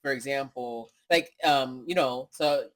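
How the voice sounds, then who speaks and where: A woman's voice: rumbling low, measured pace. American woman podcast co-host, chatty, drifts off on tangents. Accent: General American. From United States. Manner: rambling, tangential, says "you know what I mean". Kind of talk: casual podcast chat.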